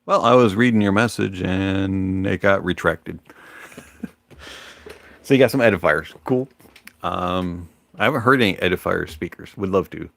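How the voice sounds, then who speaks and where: A man hosting a livestream in a relaxed, rambling manner, pausing often on fillers. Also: sits low, vocal fry, no room sound. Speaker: livestream host. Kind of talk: casual livestream chat.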